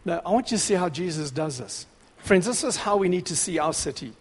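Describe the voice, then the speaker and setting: A man preaching a sermon, dramatic, dropping to a hush and then rising to shouts. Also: high voice, animated, a little fast, breathy edge. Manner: dramatic, swings between hushed and shouting. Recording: long hall reverb.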